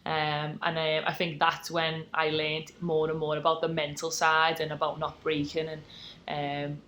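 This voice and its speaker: A British woman in her twenties talks through her memories in a relaxed podcast chat. Her voice is bright and a little low for a woman. She talks loosely, with lots of "like" and "um". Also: unhurried, highs cut off, slight background noise. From Britain. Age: 20s. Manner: chatty storytelling, many "like" and "um" fillers. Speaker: guest, taekwondo athlete. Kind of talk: casual podcast interview.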